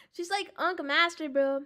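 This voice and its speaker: Young woman streamer joking around, really high voice, light music in the back. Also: sharp tone. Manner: joking, laughs often, slangy. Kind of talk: casual gaming stream chat.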